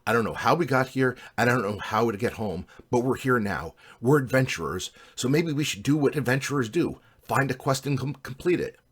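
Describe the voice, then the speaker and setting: A man voicing a young woman paladin who leads her party, speaking in a steady, rallying way. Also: medium pitch, fairly quick, few pauses, husky, voice pushed up.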